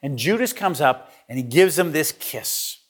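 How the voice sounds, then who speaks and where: A man's voice: on the high side, lively intonation, measured pace, husky. A male pastor giving a sermon in an earnest, conversational way, with frequent fillers and restarts.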